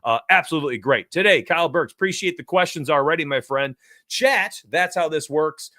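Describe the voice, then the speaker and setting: An excitable man hosting a live sports betting show, talking straight to his chat with lots of hype. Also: on the high side, a little fast, no echo, studio quality. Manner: excitable, hype-driven, addresses chat directly. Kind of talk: energetic live-stream betting talk.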